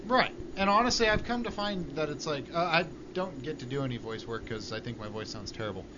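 This podcast co-host has a somewhat high male voice and talks fairly quickly. He chats casually, swears freely, and tells his stories with lots of energy. The audio is dull and lo-fi, with faint background noise.

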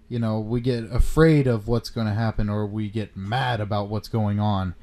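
A man's voice: medium pitch, mellow. A man in casual political chat, talking bluntly with plenty of swearing and rhetorical questions.

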